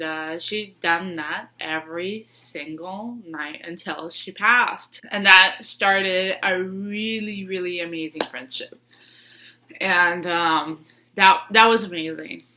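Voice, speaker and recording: A woman's voice: fairly low pitch, sharp tone. A woman with a stuffy nose from sneezing, telling a personal story in a rambling way with lots of fillers and restarts. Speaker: vlogger.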